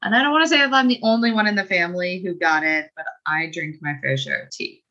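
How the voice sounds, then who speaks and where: A woman hosts a podcast interview and asks her questions in a friendly, easy way. Her fairly low voice has a bright, crisp edge, and the audio is a little dull and lo-fi. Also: fast talker. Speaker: podcast host. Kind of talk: conversational interview.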